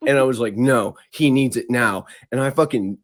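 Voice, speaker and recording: A young man, a podcast guest, chatting casually, laid-back and profane, slowing down for emphasis. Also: medium pitch. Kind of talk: casual chat.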